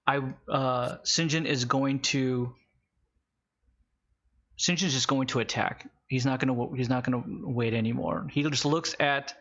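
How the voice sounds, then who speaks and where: A man running a tabletop game as game master, narrating with wry, halting asides. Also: mid-range voice, a bit bright, muffled recording.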